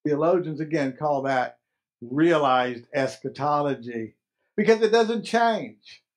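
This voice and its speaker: A man preaching a sermon as pastor of a chapel, emphatic, repeating key phrases and stressing words slowly. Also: on the high side.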